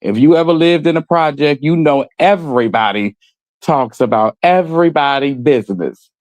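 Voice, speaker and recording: On a casual gossip stream, a blunt, joking co-host reads viewer comments aloud and talks in street slang. His voice is fairly high with a darkish tone and a moderate pace, and there's no room sound.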